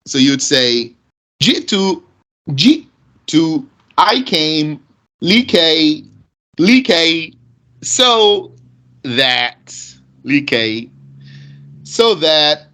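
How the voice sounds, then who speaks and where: A man teaching Arabic grammar, reading passages quickly and then explaining them slowly with repeated examples. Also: pushed and bright. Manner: reads Arabic text fast, then explains slowly with repetition; pitch jumps up when giving examples.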